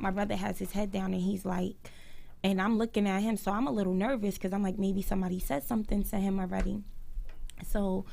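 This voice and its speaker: Gravelly-voiced woman telling her story. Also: mid-range voice, a little mellow. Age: 30s. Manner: earnest storytelling, acting out others' quotes. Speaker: guest. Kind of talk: personal testimony on a live talk stream.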